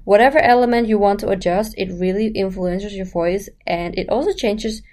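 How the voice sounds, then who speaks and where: A woman's voice: medium pitch, moderate pace, darkish tone. Chatty woman voice coach. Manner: chatty, direct to the listener, asks rhetorical questions. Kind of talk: casual explanatory lesson.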